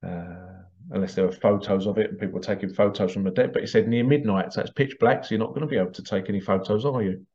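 A man's voice: on the low side, fairly even intonation, fast talker, a little mellow. A man talking casually to his viewers in a rambling way, repeating words and chuckling between points. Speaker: vlogger. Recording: dull lo-fi sound.

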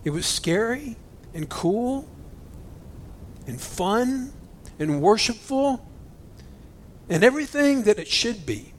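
A man preaches with a high, lifted voice, his delivery swinging from loud, excited exclamations to soft, hushed near-whispers. He sounds emotional and fervent, and a faint low rumble sits underneath the recording. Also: takes it slowly, long pauses. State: choked up with emotion. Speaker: pastor. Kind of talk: sermon.

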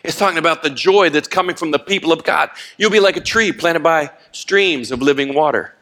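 An older man preaching a sermon, swinging from loud and impassioned to low and hushed, with folksy asides and laughter. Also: a little fast. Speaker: pastor.

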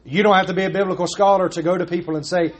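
A man's voice: high voice, fairly even intonation, rapid-fire. A man preaching a sermon as pastor, pressing his points with repeated rhetorical questions.

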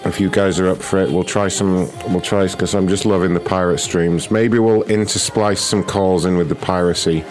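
A man hosting a prank call livestream, mocking and insulting callers in a rude, deadpan way. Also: sits low, normal speed, few pauses, soft background music. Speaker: prank call show host.

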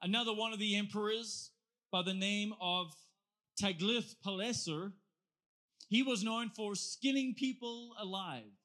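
A man preaching a sermon in a lively, conversational way, often asking his listeners questions. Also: high-pitched, a little slow.

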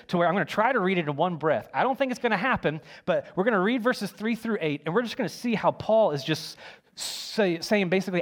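A young adult man preaching a sermon in a conversational, animated way, with frequent fillers and restarts. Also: high-pitched, quick pace. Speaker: pastor.

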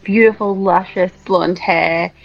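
A woman's voice: on the low side, fairly even intonation, takes it slowly, gravelly, dull audio, faint music behind. A woman playing a tabletop game, chatting in a giggly, playful way. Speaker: player. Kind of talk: casual chat during a tabletop game.

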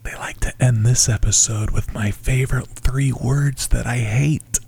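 A man's voice: mid-range voice, fairly even intonation, a little slow, creaky, darkish tone, husky. A man co-hosting a casual TV recap chat with dry, quippy remarks. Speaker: podcast co-host.

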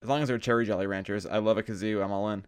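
A man's voice: fairly low pitch, fairly even intonation, racing, clear, resonant tone. A man co-hosting a podcast in casual chat, bantering and laughing easily. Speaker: podcast co-host.

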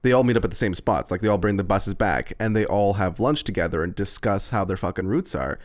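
A man co-hosting a podcast in casual chat, telling stories with lively energy, swearing freely and acting out the people in them. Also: on the low side, fairly quick. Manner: animated storyteller who swears freely and acts out the people in his stories. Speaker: podcast co-host.

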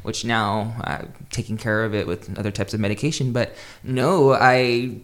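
A woman's voice: rumbling low, fairly even intonation, moderate pace. Hesitant woman with many fillers. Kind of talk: casual group chat.

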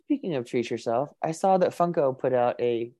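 A woman co-hosting a podcast in casual chat, telling stories in a lively, animated way. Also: extremely low pitch, moderate pace, no room sound. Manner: chatty, animated storytelling with laughs. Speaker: podcast co-host.

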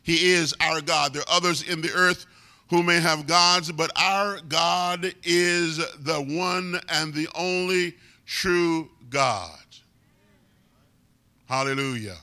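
Male preacher, high-pitched and piercing, emphatic sermon delivery. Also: sharp tone. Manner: emphatic, drawn-out repetition of key words.

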